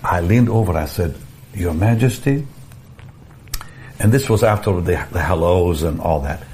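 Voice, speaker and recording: An older man with a fairly low voice tells a long personal story in an interview. He is animated, repeats himself and restarts phrases, and chuckles often. Faint ambient noise sits behind him. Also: a little fast. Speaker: evangelist guest telling a story.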